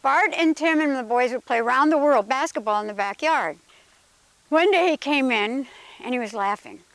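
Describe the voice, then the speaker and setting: Lively high-voiced older woman storyteller. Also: normal speed, dry recording. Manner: animated storyteller who laughs at her own tales. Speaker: family member interviewed. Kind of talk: storytelling interview.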